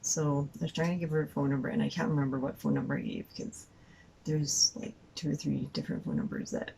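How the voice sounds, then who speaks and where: A woman's voice: deep voice, steady tone, fast talker, creaky, dark tone, a little hiss or hum, poor audio. A woman telling a story casually, rambling with lots of fillers. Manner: rambling, full of "like" and "um".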